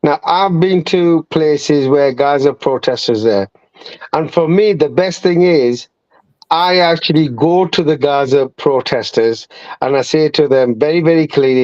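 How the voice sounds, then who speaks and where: A man's voice: fairly high pitch, a little slow, a little mellow, no echo, highs cut off. A man from the United Kingdom on a live chat, giving earnest advice on winning people over. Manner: earnest, advising.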